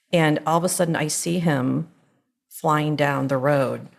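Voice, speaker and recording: A middle-aged woman, a podcast co-host and mother, casually retelling a story in a rambling, animated way. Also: deep voice, a little slow, creaky.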